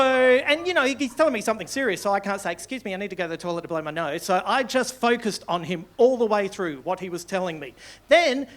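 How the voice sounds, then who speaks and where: A man's voice: extremely high pitch, heavy background noise. An Australian man in his forties doing live stand-up, telling stories in a chatty way with frequent tag questions and swearing. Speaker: stand-up comedian. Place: comedy club stage.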